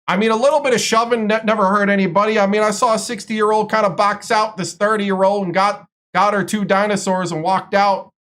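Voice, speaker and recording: A man's voice: sits high, steady tone, fairly quick, few pauses, a bit bright, voice pushed up. A man putting on a cheery, polite Wisconsin character in a sing-song Wisconsin accent.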